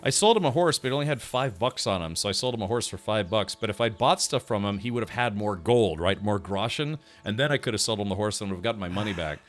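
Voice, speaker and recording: A man's voice: fairly low pitch, lively intonation, fast, few pauses. A man streaming a game, chatting casually, thinking aloud and answering his chat. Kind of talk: casual gameplay commentary.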